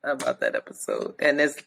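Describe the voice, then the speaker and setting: A woman's voice: a bass voice, huge pitch swings, moderate pace, creaky, fairly bright tone. A woman co-hosting a podcast, chatting casually in a candid, loose way with frank swearing. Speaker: podcast co-host. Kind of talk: casual chat.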